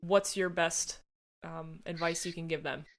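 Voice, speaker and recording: A woman with a lowish voice hosts a podcast interview. She chats, teases and laughs often. A faint hiss sits under her voice. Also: fairly even intonation, measured pace. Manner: laughs often, chatty and teasing. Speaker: podcast host. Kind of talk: interview chat.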